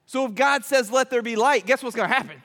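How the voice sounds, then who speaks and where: A man preaching a playful sermon to a youth group, animated and constantly checking in with the room. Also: very high voice, fast talker. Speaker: youth pastor. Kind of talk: playful sermon with audience demo. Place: church hall. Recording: echoey hall reverb.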